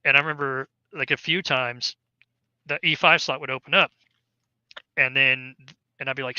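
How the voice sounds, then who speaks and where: Bright, crisp-voiced man telling a story. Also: medium pitch, flat delivery, normal speed, pauses often, dry recording, muffled recording. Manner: rambling, many fillers and restarts. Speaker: army veteran guest. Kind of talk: casual storytelling interview.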